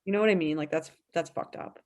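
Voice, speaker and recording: A woman with a lower-pitched voice co-hosts a casual podcast. She talks emphatically and in quick bursts about her clients, with frequent restarts. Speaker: podcast host and nutrition practitioner.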